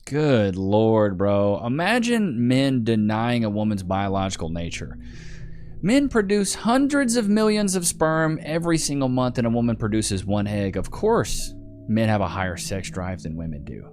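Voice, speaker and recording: A man's voice: fairly low pitch, very animated, moderate pace, darkish tone, faint music behind. A man hosting a reaction stream, giving blunt, slangy, emphatic commentary straight to his chat. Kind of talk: casual commentary.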